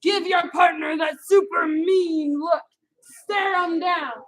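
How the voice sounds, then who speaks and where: Over noisy background sound in a martial arts studio, a woman leads a kids' karate class in a very high, fairly bright voice, speaking slowly with a steady tone. Her manner is commanding, and she has the class reply "yes, ma'am."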